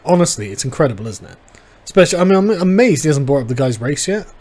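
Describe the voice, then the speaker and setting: Male livestream host with a slightly high voice, dry and sarcastic, reading out chat. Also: sing-song, fast, a little mellow. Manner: wry, sarcastic, dry asides.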